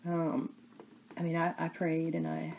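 A woman talks casually to her viewers, her voice low and dark-toned. She rambles and stops halfway through her thoughts, using lots of fillers. A faint hiss sits under the recording. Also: completely flat delivery, gravelly. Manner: rambling, halting, many fillers. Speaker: crafting vlogger. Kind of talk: casual chat to camera.

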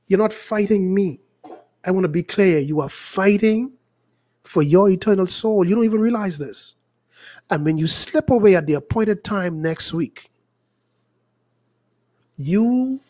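A male pastor preaches with fervor, and his voice sits fairly high for a man. He swings between loud climbs and low, drawn-out phrases, slowing right down on the words he wants to land. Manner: fervent, rising and falling, stretches words for emphasis. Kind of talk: preaching prayer and sermon.

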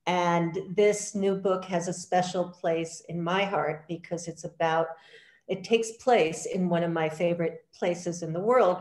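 A woman's voice: fairly low pitch, darkish tone, echoey room. A woman interviewing an author at a bookstore event, enthusiastic and admiring.

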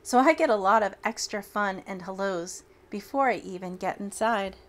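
A woman reading a children's picture book aloud in an expressive, childlike storytelling manner. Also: medium pitch, moderate pace.

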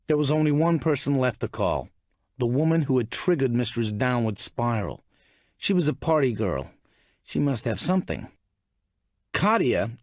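A male audiobook narrator reads in a measured, expressive way. His pitch rises and falls a great deal. The recording is dry and close, with no room sound. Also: no echo. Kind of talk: scripted narration.

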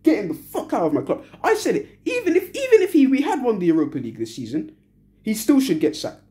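A woman's voice: a little high, huge pitch swings, quick pace, warm tone. A young woman giving a furious, profane post-match reaction as a football fan, repeating short phrases over and over. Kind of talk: angry post-match rant.

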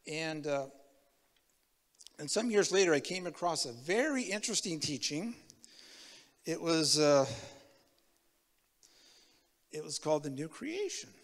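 A man in his seventies preaching a personal testimony, with a high, bright, ringing voice. He tells his story in an animated way and acts out the conversations. The sound carries the long reverb of a church hall. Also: a little slow, pauses often. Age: 70s. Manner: animated storyteller acting out dialogue. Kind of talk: testimony sermon.

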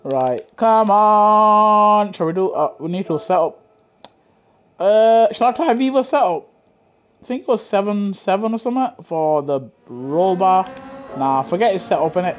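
A young British gaming streamer with a high voice commentates live on a racing game through a gaming headset. He's expressive and a little slow, bantering with chat in slang and laughing a lot. There is slight background noise.

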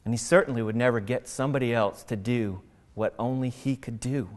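A male pastor giving a sermon, reading scripture aloud and then preaching with animated, acted-out voices. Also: mid-range voice, fairly quick, big-room sound. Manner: animated, acts out mocking voices.

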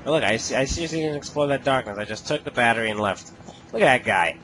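A man's voice: medium pitch, animated, quick pace, sharp tone, slight background noise, low-quality recording. A man giving casual gaming commentary, joking, laughing and cursing often. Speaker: let's play host.

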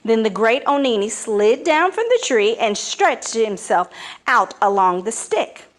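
A woman reading a folk tale aloud, with expressive, dramatic storytelling. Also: on the high side, unhurried.

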